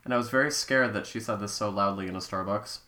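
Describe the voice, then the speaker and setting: A woman's voice: a bass voice, fast, sharp tone. A woman co-hosting a comedy podcast, chatting casually with wry, self-mocking banter. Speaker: podcast co-host.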